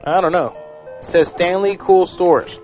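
A man hosting a prank-call radio show, teasing callers with cheeky, deadpan banter. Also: high-pitched, measured pace. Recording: dull radio recording with faint music.

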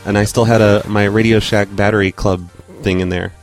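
A man's voice: lowish voice, little pitch movement, a little fast, soft background music. A man co-hosting a show in casual chat, rambling and laughing easily. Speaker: podcast co-host.

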